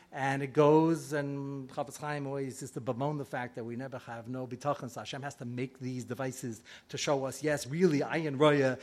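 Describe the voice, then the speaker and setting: A man's voice: a little high, a bit bright. A man giving a storytelling sermon to a live audience as a rabbi, acting out the voices he quotes.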